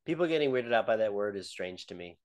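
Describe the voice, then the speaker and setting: A man co-hosting a casual podcast, laid-back and deadpan, swearing freely. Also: fairly low pitch, fast, no echo. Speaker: podcast co-host. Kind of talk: casual chat.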